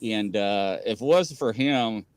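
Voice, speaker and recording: A man's voice: fairly low pitch, unhurried, smooth, no room sound. A man hosting a casual livestream, telling rambling stories with lots of laughter. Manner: animated, rambling storyteller who laughs often. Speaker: host of a paranormal variety show.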